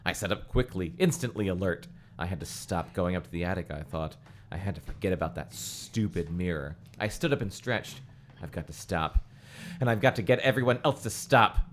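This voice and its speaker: A man's voice: low voice, expressive, fairly quick, a little hiss or hum. Man hamming up a read-aloud. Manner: hammy, melodramatic voices for quoted lines. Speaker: podcast host reading aloud. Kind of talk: comic read-aloud of a children's horror book.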